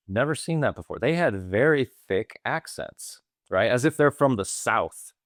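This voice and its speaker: A man co-hosting a movie podcast, sharing his reactions in an easygoing, measured way. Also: medium pitch, expressive, no room sound, clean studio sound. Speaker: podcast co-host. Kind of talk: casual film discussion.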